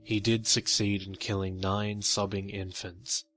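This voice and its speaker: A man reading a horror story in slow, measured scripted narration. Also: on the low side, little pitch movement, fairly bright tone, faint music behind.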